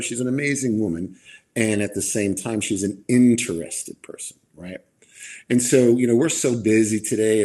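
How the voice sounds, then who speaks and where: Man, middle-aged, husky, a bit low, animated storytelling, casual interview talk. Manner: animated storyteller acting out quoted dialogue. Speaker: podcast guest, leadership expert.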